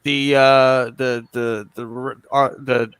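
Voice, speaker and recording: A man in a casual group chat, talking in excited, halting bursts. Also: medium pitch, clear, resonant tone, no room sound. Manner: excited, halting, laughing banter.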